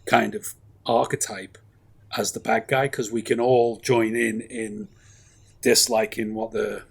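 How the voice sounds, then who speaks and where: Husky, rambling man. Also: mid-range voice, animated, unhurried. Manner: rambling, enthusiastic, many fillers and asides. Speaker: podcast co-host. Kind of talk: casual film review chat.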